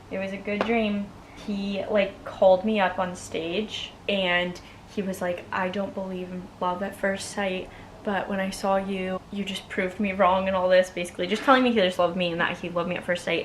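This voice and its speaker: Young woman vlogger, mid-pitched, casual and gushy, lots of "like". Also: slight background noise. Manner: chatty, bubbly, heavy use of "like". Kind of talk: casual chat while doing her nails. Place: at home.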